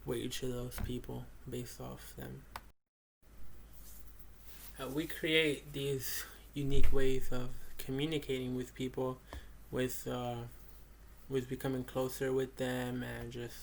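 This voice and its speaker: Gravelly-voiced young man, flat delivery. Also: medium pitch, takes it slowly. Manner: rambling, with many fillers and restarts. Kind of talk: casual spoken reflection. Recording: faint background noise.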